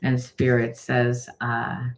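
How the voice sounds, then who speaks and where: A woman's voice: extremely low pitch, completely flat delivery, slow pace, a little hiss or hum, low-quality recording. A middle-aged woman giving a casual spoken tarot reading, frank and rambling, with lots of fillers and the odd curse word. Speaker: tarot reader and trauma coach.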